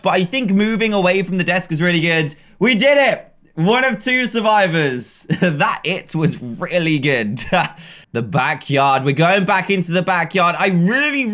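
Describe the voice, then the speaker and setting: An English man in his twenties with a high voice narrates a video game as he plays. He talks in a chatty, playful way and often jumps from calm remarks to excited yells, as gaming commentators do. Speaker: gaming YouTuber. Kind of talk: live gameplay commentary.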